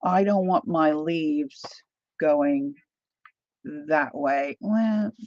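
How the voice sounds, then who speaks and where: A woman's voice: low-pitched, drawn-out words, a little mellow, no echo, lo-fi sound. A woman chatting casually as she demonstrates a craft technique, thinking aloud while she works. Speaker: craft vlogger.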